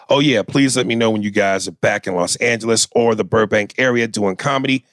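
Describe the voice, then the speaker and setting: On a comedy podcast, a male co-host with a lowish voice chats crudely and loosely while reading out listener emails. He's on a studio mic with headphones, and there's no room sound.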